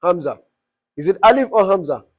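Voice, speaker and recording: Teacher, male, fairly high voice, quizzes the room as he explains. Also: lively intonation, a little fast, darkish tone. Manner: quizzing the class with repeated questions. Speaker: Arabic teacher. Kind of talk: classroom teaching.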